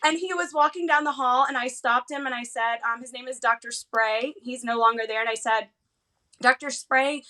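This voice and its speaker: A woman in her thirties from the United States, a guest telling an emotional personal story with lively quoted dialogue. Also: fairly high pitch. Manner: animated, fast retelling with lively quoted dialogue. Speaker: interview guest.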